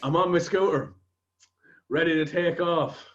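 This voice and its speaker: An Irish man with a fairly high voice tells a long anecdote on a podcast, peppering it with swear words. The sound is a bit dull and lo-fi. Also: unhurried. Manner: swears freely, rambling anecdotes. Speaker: podcast host. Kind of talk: casual podcast chat, storytelling.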